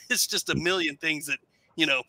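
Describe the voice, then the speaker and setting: Bright-voiced skeptical man. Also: fairly high pitch, moderate pace, no room sound, poor audio. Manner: laid-back, skeptical, swearing. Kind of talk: casual chat.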